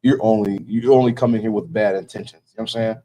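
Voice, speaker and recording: Fast-talking man preaching a warning. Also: fairly low pitch, fairly even intonation, dark tone, slight background noise. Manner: emphatic, warning tone, keeps asking "you know what I'm saying". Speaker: religious teacher. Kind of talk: preaching in casual talk.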